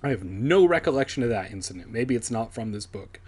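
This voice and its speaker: A man's voice: mid-range voice, animated, a little fast, a little mellow, breathy edge. A man reading a kids' horror book aloud as a comedy host, breaking off for sarcastic asides. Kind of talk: comedic read-aloud with commentary.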